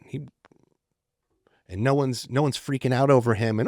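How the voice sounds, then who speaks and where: In clean, dry studio sound, a middle-aged podcast co-host tells a story during casual chat. He speaks at a moderate pace in a mid-range voice, animatedly acting out the quoted lines.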